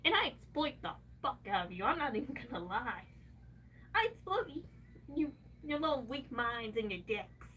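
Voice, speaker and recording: A woman's voice: on the high side, very animated, normal speed, bright, forceful tone, far from the mic, slight background noise. A woman livestreaming, venting in an angry, profane rant.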